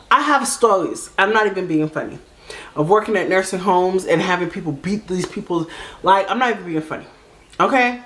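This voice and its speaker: A woman's voice: mid-range voice, expressive, moderate pace, a bit bright. A woman hosting a reaction channel, telling a personal story in casual chat with emphatic repeated asides. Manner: emphatic, repetitive, conversational.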